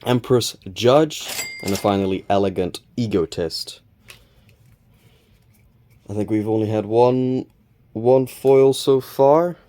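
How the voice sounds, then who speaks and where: Male host, low voice, relaxed unboxing chatter, counts and names each card. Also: takes it slowly, long pauses. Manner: relaxed, reads card names aloud, counts cards, mild self-corrections. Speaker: channel host opening card packs. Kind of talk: casual unboxing commentary.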